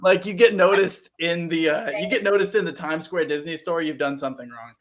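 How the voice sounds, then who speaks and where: A man from Ohio hosting a video-call chat, telling lively anecdotes and acting out voices. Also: on the high side, brisk. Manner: animated, acts out voices in anecdotes. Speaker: host. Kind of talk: casual storytelling chat.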